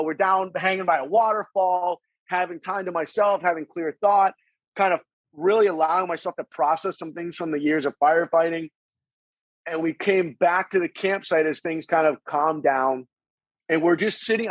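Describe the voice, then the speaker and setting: Casting note: male podcast guest, fairly high voice, loose rambling storyteller, dry close sound. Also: dry recording, rough recording. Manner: rambling, restarts sentences, acts out quoted dialogue; swears casually. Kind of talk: casual conversational storytelling.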